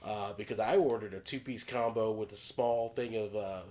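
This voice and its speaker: A man co-hosting a casual podcast, telling an animated story, acting out quotes and swearing freely. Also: on the low side, moderate pace. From United States. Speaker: podcast co-host.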